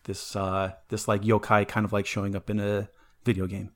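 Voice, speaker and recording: A man's voice: on the low side, level tone, moderate pace. A man co-hosting a podcast, talking about folklore in a casual, rambling way with lots of fillers and restarts. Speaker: podcast co-host presenting folklore. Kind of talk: casual chat.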